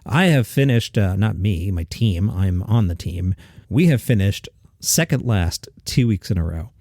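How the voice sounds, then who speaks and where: A man hosting a daily comedy news show, reading the items in a scripted way with deadpan asides. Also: on the low side, unhurried, no echo, clean studio sound.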